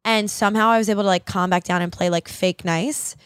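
A woman's voice: mid-range voice, fast talker, clear, resonant tone, dry recording, studio quality. A young adult woman co-hosting a podcast, telling a story casually and acting out the dialogue. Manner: animated, laughing, acts out quoted dialogue. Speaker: podcast co-host.

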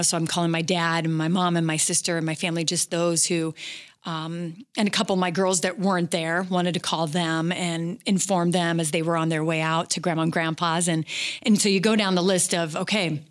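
A middle-aged woman telling a personal story as an interview guest, candid and halting, with many fillers. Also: lowish voice, flat delivery.

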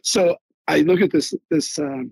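A man from Philadelphia, an Army veteran and guest on an interview show, telling stories in an animated way and often repeating words as he searches for them. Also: fairly high pitch, unhurried, gravelly, husky, dry recording, poor audio. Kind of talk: casual interview storytelling.

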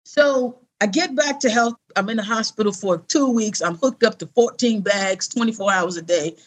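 A woman's voice: medium pitch, moderate pace. A middle-aged woman, an interview guest, telling a personal story in an earnest, conversational way and acting out the voices of people she quotes. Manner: animated, acts out quoted voices.

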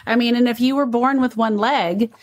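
A woman's voice: on the high side, fairly even intonation, moderate pace. A woman co-hosting a podcast, chatting agreeably and rambling a little. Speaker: podcast co-host. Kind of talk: casual chat.

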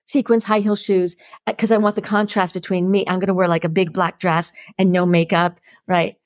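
Lively New woman telling stories. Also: lowish voice, a little fast, no room sound, clean studio sound. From New York. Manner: lively, acts out the voices in her stories, laughs often. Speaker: podcast guest. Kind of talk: animated storytelling.

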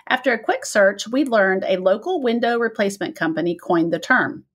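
A woman from the American Midwest with a Midwestern accent, co-hosting a casual chat, chatty and quick to laugh. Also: medium pitch, breathy edge. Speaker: podcast co-host.

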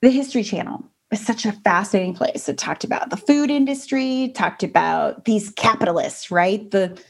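A woman hosting a podcast, talking in an animated, emphatic way, her pitch jumping up to stress her points. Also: moderate pace, gravelly. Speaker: podcast host. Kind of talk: casual podcast conversation.

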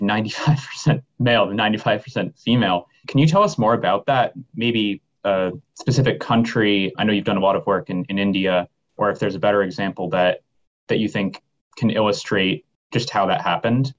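A man interviewing a guest, asking his questions in a slow, measured way. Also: lowish voice, dull audio.

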